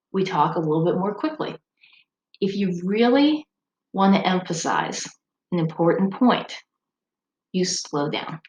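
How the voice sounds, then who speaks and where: The woman's fairly low voice comes across a little mellow, and the high frequencies are cut off. As a speech instructor giving a recorded lecture, she explains conversationally and occasionally says um, while a roomy echo and faint background noise linger.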